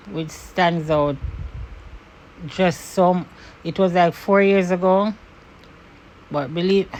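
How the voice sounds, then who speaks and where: A woman's voice: low-pitched, slight background noise. Heated Jamaican woman telling a story. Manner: animated, swearing, slips into patois when angry. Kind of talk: storytime monologue to camera.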